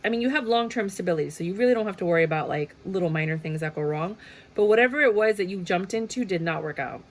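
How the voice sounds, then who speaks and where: A woman's voice: lowish voice, animated, fast talker. A woman giving a casual tarot reading in a chatty way, often laughing and acting out little quotes. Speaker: tarot reader.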